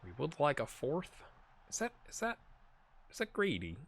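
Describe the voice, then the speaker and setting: A man hosting a gaming channel, talking through a football management game in casual let's-play commentary, slangy and joking, cheering players on with loud outbursts. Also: fairly high pitch, normal speed, a little hiss or hum. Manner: excitable, talks to players in the game, loud outbursts when goals come; slangy and joking, trails off into mumbles.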